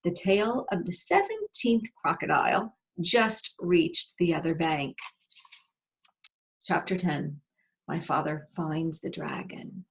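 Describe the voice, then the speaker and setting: A woman narrating a children's storybook aloud in an expressive, unhurried way. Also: on the low side.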